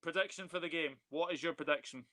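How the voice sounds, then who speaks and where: A man's voice: on the high side, quick pace, sharp tone. A man hosting a casual football live stream, upbeat and chatty as he reads out viewer comments. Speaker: football channel host.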